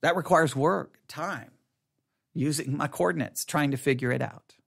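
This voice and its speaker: A man, a pastor, giving casual spoken Bible teaching, rambling and animated, with restarts and acted-out voices of excited kids. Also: on the high side, normal speed, gravelly.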